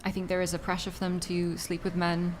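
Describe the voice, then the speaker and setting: Welsh-raised woman with posh rp accent, lowish voice, giggly soft podcast guest chatting, faint room hiss behind. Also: completely flat delivery, brisk. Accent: received pronunciation British. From Wales. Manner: soft-spoken, giggly, hedging with "like" and "um". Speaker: panel guest. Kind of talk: casual podcast chat.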